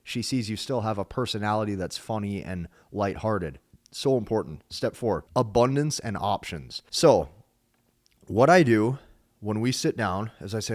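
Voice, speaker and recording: Low-voiced energetic male dating coach. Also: moderate pace, dry recording, clean studio sound. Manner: energetic, emphatic, acts out his own lines. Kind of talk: instructional talk to camera.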